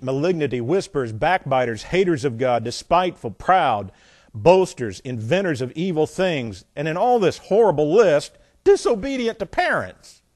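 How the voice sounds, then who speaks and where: A man preaching a sermon, reading scripture aloud and commenting between verses, with folksy joking asides and swings between loud emphasis and quiet remarks. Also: fairly high pitch, dry recording, clean studio sound. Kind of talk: sermon, Bible exposition.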